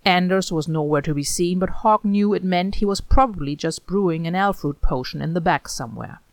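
A woman narrating a story aloud in an expressive, animated reading style. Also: fairly low pitch, fairly quick, no room sound.

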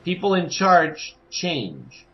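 A man's voice: on the high side, wildly swooping pitch, slow, lo-fi sound. A man co-hosting a casual podcast, talking with energy and acting out quoted people in exaggerated voices. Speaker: podcast co-host. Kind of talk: casual chat.

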